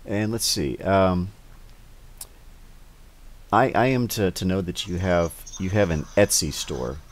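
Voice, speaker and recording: Deep-voiced, hesitant male host. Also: takes it slowly. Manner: hesitant, full of restarts and fillers. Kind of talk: casual interview.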